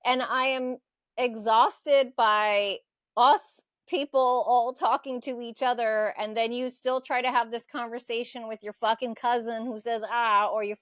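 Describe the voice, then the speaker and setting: A woman's voice: on the high side, fairly even intonation, measured pace, no echo, studio quality. Heated, profane woman ranting. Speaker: podcast co-host. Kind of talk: casual political chat.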